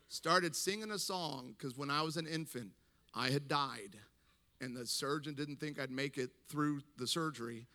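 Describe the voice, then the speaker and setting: A man's voice: a little high, long reverb tail. A man preaching to a congregation, telling a funny story and acting out the people in it. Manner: animated, acts out the people in his story. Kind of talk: humorous storytelling sermon.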